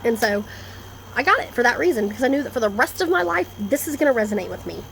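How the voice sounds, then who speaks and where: A woman's voice: fairly high pitch, fast talker, gravelly, slight background noise. A woman vlogging a casual, rambling monologue, blunt and profane, jumping from topic to topic. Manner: blunt, profane, animated, jumps between topics. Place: indoors, storm coming in outside.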